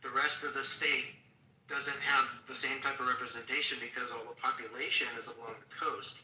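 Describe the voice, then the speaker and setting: Man explaining calmly, distant echoey sound. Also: medium pitch, fairly quick. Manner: explanatory, steady storytelling. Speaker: guest. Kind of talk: casual political discussion.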